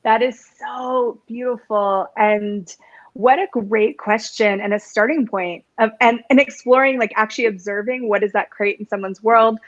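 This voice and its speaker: An enthusiastic woman hosts a casual chat, bubbly and quick to laugh, her voice a bit high. The sound is dry and muffled, with little room and dulled highs. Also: fairly even intonation, no room sound. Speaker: host.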